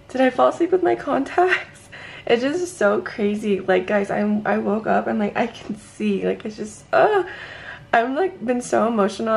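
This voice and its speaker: Young female vlogger, gravelly fry, sleepy, gushing and emotional to camera. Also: medium pitch, a little hiss or hum. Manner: gushing, excited, says "like" a lot. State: teary and emotional; just woke up, sleepy voice. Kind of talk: casual vlog to camera. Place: at home. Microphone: handheld camera.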